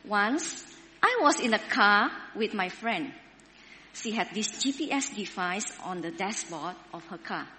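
A woman preaching a sermon, speaking slowly and deliberately and putting questions to her listeners. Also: medium pitch, expressive, sharp tone, in a large hall, a little hiss or hum. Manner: slow, deliberate, asks the audience questions.

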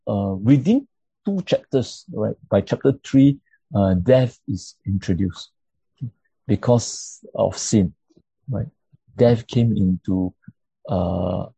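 A man teaches a church class on grief and pastoral care using slides, speaking haltingly with many fillers and repeated words. He keeps checking in with listeners by asking "right?" His voice is on the low side, gravelly and mellow with a breathy edge, captured in a dry, dull lo-fi recording.

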